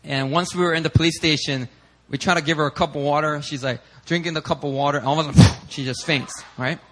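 Young pastor, quick and animated, fairly high voice, casual sermon story. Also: male voice. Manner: animated, casual, slips in Korean phrases.

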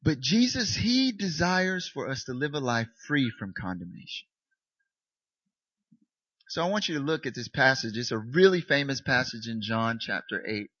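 Man, pastor, conversational sermon, self-mocking, husky bright voice, dry dull recording. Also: medium pitch, no echo.

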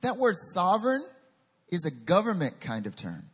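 A man from North Carolina with a Southern accent, preaching a lively sermon as pastor and speaking directly to his congregation. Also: high voice, moderate pace, slightly rough.

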